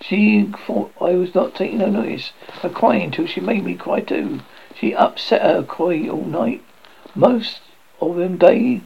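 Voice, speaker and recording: Man putting on a grieving old servant woman, gravelly and accusing, lo-fi audio, horror story reading. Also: high voice, unhurried, darkish tone, pitched above the performer's own voice, full character voice. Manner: accusing, rustic country speech.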